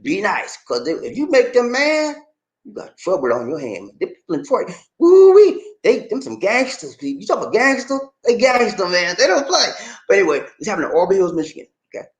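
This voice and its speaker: Middle-aged man, animated pitch, emphatic casual preaching, roomy echo. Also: fast. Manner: emphatic, repetitive, keeps addressing listener as man. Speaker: online commentator.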